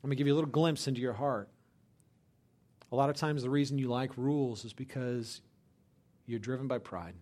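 A man preaching a sermon to his church, addressing the congregation directly as "you guys". He swings from loud, emphatic lines to hushed, almost whispered ones. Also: medium pitch, brisk, long pauses. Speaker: pastor.

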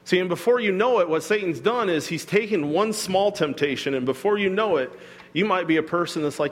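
A man's voice: high-pitched, expressive, brisk, in a large hall. A man preaching a sermon as a pastor, in a conversational way with self-deprecating humor, acting out quoted voices. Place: church hall.

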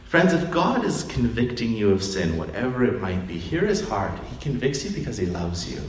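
A man preaching a sermon in a conversational, animated storytelling manner, acting out quotes. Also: medium pitch, moderate pace. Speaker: pastor. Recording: roomy hall, distant mic, faint ambience.

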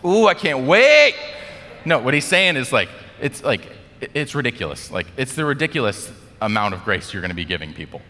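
A young male pastor gives a relaxed, conversational sermon in a lowish voice. He is animated and chatty, leaning on "like" and acting out voices. The sound carries a long reverb from a large church hall. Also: a little fast. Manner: animated, acts out quotes, many "like" fillers.

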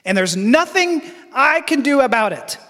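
High-voiced man preaching in a reverberant hall. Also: big pitch swings, a bit bright. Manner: earnest storytelling with halting restarts. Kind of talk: personal testimony sermon.

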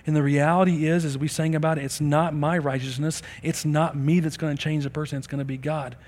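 A man preaching a sermon in a church service, telling stories with animated delivery and acting out the people in them. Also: a little high. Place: church sanctuary during a service. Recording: long reverb of a large hall.

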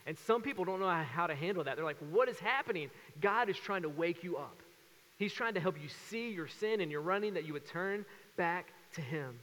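Young dad pastor preaching, high bright voice, big echoey hall. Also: male voice. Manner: animated storytelling with acted voices. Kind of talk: sermon.

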